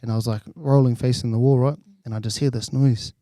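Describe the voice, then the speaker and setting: A man's voice: mid-range voice, fairly even intonation, fast talker, warm tone, no echo. A New Zealand man in his twenties, co-hosting a podcast and telling a crude story with lots of laughter. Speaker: podcast co-host. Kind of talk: casual banter.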